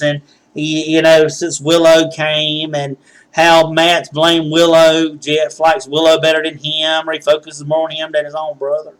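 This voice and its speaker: A man's voice: on the high side, a bit bright. A man hosting a wrestling results show, recapping matches in a casual, rambling way with many fillers and restarts.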